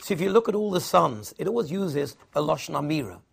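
A man's voice: on the high side, sing-song, fast talker, gravelly, breathy edge. A man giving a Torah sermon in English, weaving Hebrew and Yiddish terms into his teaching. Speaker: rabbi giving a Torah talk.

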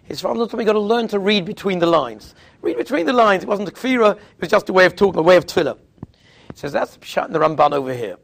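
A man's voice: animated, rapid-fire, creaky, a bit bright. A man giving a Torah class as a rabbi, telling stories and acting out the people he quotes, often repeating and restarting phrases. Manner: storytelling, acting out quoted speakers with sudden pitch jumps.

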